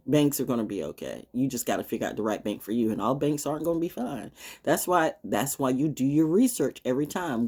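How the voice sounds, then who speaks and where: A woman's voice: very deep voice, darkish tone, slightly rough. A middle-aged woman hosting a talk show, rambling in a casual monologue, laughing often.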